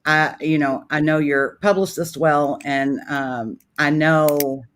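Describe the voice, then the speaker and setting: A woman's voice: low-pitched, fairly even intonation, slow. A woman hosting a casual interview over a video call, talking in an effusive way and laughing easily. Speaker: interview host.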